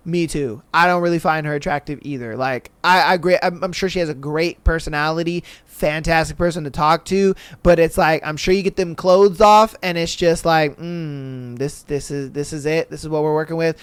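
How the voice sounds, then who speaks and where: A man's voice: high voice, clear, resonant tone, no echo. A man hosting a podcast, giving a casual, blunt, profane recap with mocking impressions. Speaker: podcast host.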